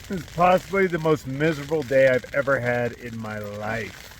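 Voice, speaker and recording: A cold and hungry man talks into a handheld camera from inside a small tent. His voice sits at an ordinary middle pitch. His delivery is weary and fed up, full of swearing, with faint wind noise behind him. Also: steady tone, moderate pace. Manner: weary, frustrated, swears often. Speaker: long-distance hiker. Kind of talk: vlog filmed while camping.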